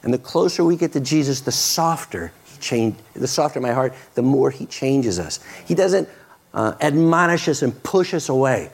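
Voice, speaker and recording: A middle-aged man preaching a sermon, earnest, restarting words often and rising to loud, excited peaks. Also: on the high side, normal speed, gravelly, husky. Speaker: pastor.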